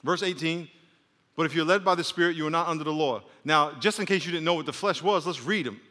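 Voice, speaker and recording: A man's voice: fairly high pitch, quick pace, sharp tone, big-room sound. A man, a pastor, preaching a sermon with call-and-response and joking asides. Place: church sanctuary.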